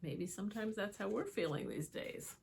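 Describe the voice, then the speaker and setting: A woman reading picture books aloud to children, expressive, with chatty asides to her young viewers. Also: mid-range voice, normal speed, vocal fry, slight background noise. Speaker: children's book reader. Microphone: holds book up to camera.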